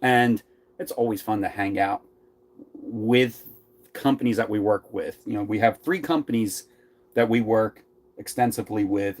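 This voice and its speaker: A man's voice: on the low side, a little mellow. A man with a Philadelphia accent co-hosting a casual RV chat, rambling and laughing often. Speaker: RV vlogger co-host.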